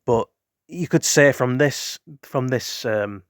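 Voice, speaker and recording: A man's voice: medium pitch, takes it slowly, no room sound, studio quality. A man hosting a casual spoken history show, rambling with many fillers and restarts. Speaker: host.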